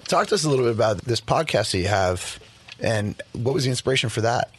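A man's voice: medium pitch, animated, quick pace, a little hiss or hum. A man hosting a casual interview, asking questions and affirming his guest in an engaged way. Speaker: host.

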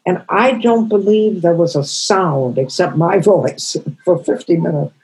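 A woman in her eighties, a comedian guest, telling stories in an emotional, halting way. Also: on the low side, darkish tone, husky, rough recording. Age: 80s. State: crying. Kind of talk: storytelling interview answers.

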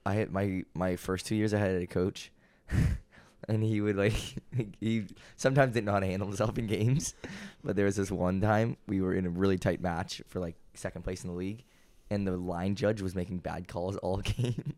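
A man's voice: deep voice, steady tone, normal speed, a little mellow. A young man co-hosting a podcast, telling amused anecdotes in casual chat.

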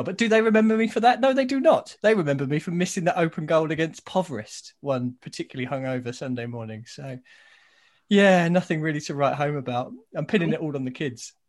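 A man from England hosting a podcast, chatting casually with dry, self-mocking humour. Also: a little high. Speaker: podcast host. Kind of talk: casual chat.

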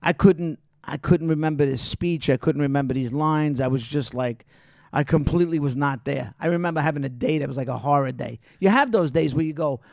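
A man's voice: on the high side, a little fast, vocal fry, a little mellow, no room sound, studio quality. A middle-aged man, a guest actor in casual chat, animatedly telling stories, acting out quotes and swearing as he laughs.

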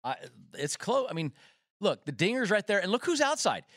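Male co-host, slightly high voice, excitable odds rundown, dry studio sound. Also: moderate pace, no echo. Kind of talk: sports betting talk.

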